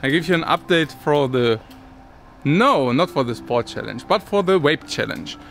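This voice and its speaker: A man's voice: fairly high pitch, expressive, normal speed, creaky, fairly bright tone, slight background noise. A man talking casually to his viewers as a vlogger, rambling and restarting his sentences, with occasional chuckles. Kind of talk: casual talk to camera.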